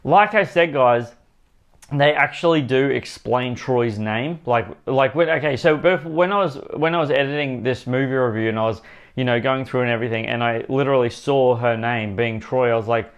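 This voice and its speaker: A man's voice: medium pitch, normal speed, clear, resonant tone, dull audio. Rambling, emphatic male movie reviewer. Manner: rambling and emphatic, repeating words and addressing viewers as "guys". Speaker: movie reviewer and channel host. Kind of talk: casual spoken movie review.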